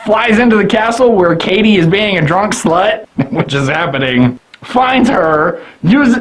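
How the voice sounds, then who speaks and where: A man's voice: high-pitched, low-quality recording. A drunk man rambling through a comedic anime review, swearing and laughing often.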